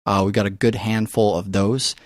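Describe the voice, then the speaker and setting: A man co-hosting a podcast in a studio, talking about movies in a casual, animated way and swearing freely. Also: lowish voice, normal speed, dry recording. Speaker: podcast co-host. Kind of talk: casual film chat.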